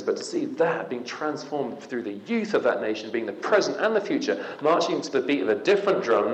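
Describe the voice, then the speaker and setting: A man's voice: medium pitch, lo-fi sound. Guy preaching at a conference, casual then fired up, roomy echoey hall. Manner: conversational, punchy, rising to emphatic. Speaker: conference speaker. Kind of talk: evangelical seminar talk.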